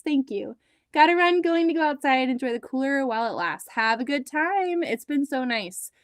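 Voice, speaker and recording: A woman's voice: high-pitched, dry recording, studio quality. Chatty woman hosting a quilting stream. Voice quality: chatty, rambling, reads out viewer comments. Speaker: quilting livestream host. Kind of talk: casual chat on a live stream. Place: home sewing room.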